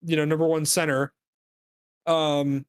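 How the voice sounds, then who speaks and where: A man co-hosting a podcast, talking sports in a casual, animated, rambling rant full of fillers. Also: on the high side, unhurried, smooth, no room sound. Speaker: podcast co-host.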